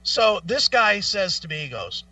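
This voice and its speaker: A man's voice: high voice, sing-song, unhurried, bright, forceful tone, dry recording, recorded from a distance. A middle-aged man co-hosting a radio show, telling stories in a casual, profane way and laughing as he goes. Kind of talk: casual on-air storytelling. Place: radio studio. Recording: dull, off-mic studio audio.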